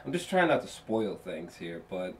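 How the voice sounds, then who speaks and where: A man giving a casual spoken film review, rambling and excitable, with lots of fillers and restarts and free swearing. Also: deep voice, normal speed, slight background noise. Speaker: movie reviewer.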